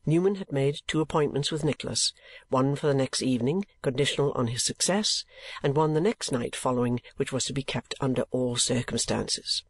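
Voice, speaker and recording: A man reading an audiobook in steady, measured storytelling narration. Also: mid-range voice, slightly rough, no room sound. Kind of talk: scripted narration.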